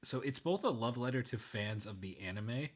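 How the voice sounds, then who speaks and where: A man's voice: mid-range voice, expressive, normal speed. A man in easygoing podcast banter with a mid-range voice. He rambles through his points, laughs a lot and drops the odd curse word. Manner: rambling, laughs often, swears casually. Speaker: podcast co-host. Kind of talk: casual chat.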